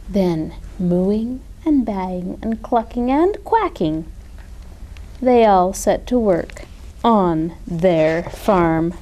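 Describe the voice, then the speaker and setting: A children's librarian shares a favorite picture book, reading it aloud to children and savoring each line. The woman's medium-pitched voice is soft-edged and mellow, and she tells the story gently and expressively.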